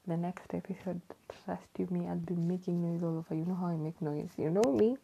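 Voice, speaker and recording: A woman hosts her podcast in a hushed, partly whispered voice at home at night. Her tone is very dark and husky with a gravelly edge. She chats loosely, laughs often and repeats herself. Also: on the low side, fairly even intonation, fairly quick, highs cut off. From Kenya. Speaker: podcast host. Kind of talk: casual podcast chat, half whispered. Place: home at night, people asleep.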